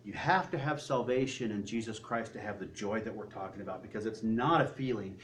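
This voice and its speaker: A man preaching a sermon, swinging between loud, high peaks and low, quiet asides. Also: fairly quick, a little hiss or hum.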